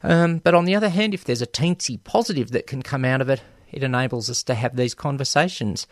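A man's voice: mid-range voice, a little fast, no room sound, clean studio sound. A man hosting a radio show, giving frank, emphatic opinion commentary full of ums and restarts. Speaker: radio host.

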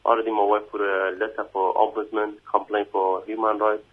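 A man whose first language is not English, speaking in a halting, emotional way on a phone interview, with many restarts and repeated "you know what I mean". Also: lowish voice, flat delivery. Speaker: immigration detainee giving an interview. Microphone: phone call. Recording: tinny phone line.

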